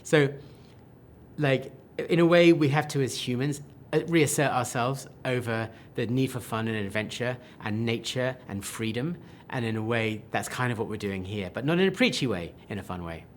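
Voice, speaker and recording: Man, film director, enthusiastic interview answers, animated, faint background noise. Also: mid-range voice. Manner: animated, enthusiastic, quick restarts and quoted asides.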